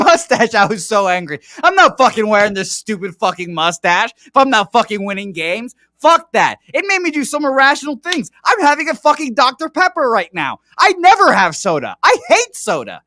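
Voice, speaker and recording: A man rants and swears his way through a casual sports betting chat. His voice is bright and cutting, and it sits dry and close to the mic. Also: very high-pitched, very animated, moderate pace, hardly any pauses, dry recording. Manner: angry profane rant. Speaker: host.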